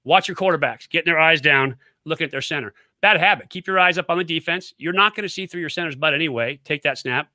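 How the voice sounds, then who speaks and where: Middle-aged coach guy, punchy and repeats his points, super bright voice, kinda high. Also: quick pace, few pauses, no echo, studio quality. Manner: emphatic, repeats points, storytelling. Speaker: guest, former quarterback and coach. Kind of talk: casual interview, coaching talk.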